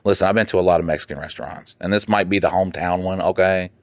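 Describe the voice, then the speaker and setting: A man co-hosting a podcast in casual chat, telling animated stories, acting out the people in them, and laughing along. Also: deep voice, quick pace, no room sound. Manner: animated storytelling with quoted voices and laughs. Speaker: podcast co-host.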